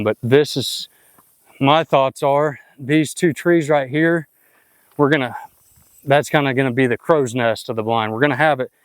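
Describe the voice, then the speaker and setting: A plain-spoken man outdoors laying out his plans, halting as he works out his thoughts. His voice is smooth and resonant and sounds dry and close. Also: medium pitch, no echo. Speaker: hunting club worker. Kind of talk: explaining plans on camera. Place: outdoors in flooded woods.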